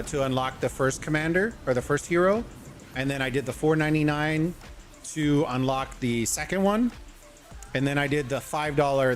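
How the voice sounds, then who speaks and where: A man hosting a casual gaming livestream, talking loosely, rambling and greeting viewers from chat, with faint music behind him. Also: medium pitch. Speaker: livestream host. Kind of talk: casual gaming stream commentary.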